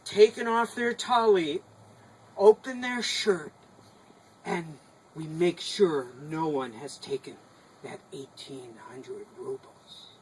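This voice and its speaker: A wise old village rabbi lays down the rule slowly and firmly, as a male storyteller voices him. Each word is measured and commanding, with an unhurried weight. It comes from a live folk tale. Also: on the high side, breathy edge, poor audio. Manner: slow, deliberate, commanding. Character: stern, wise village rabbi, older man.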